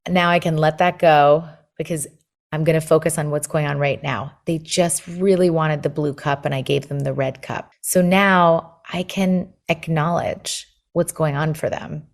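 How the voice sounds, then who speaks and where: A woman with a low voice talks as a guest on an interview podcast. She explains her method step by step and slips into the voice of a parent's inner thoughts as she goes. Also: steady tone, a little slow. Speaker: guest, parenting book author.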